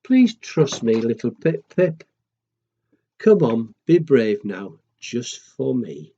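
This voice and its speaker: A gentle mother penguin, as a man reading a storybook puts her on coaxes her little one in a warm, soothing way. The voice moves up and down in a lively way and stays slow. The recording sounds dull and lo-fi. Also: mid-range voice, voice pushed down, full character voice. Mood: coaxing. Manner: soothing and encouraging.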